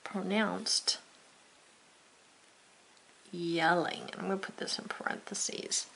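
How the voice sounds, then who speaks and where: A middle-aged woman who teaches a friendly home video lesson for children, speaking slowly and clearly as she writes and encouraging them as she goes. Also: on the low side, fairly even intonation, a bit bright, a little hiss or hum. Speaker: homeschool teacher.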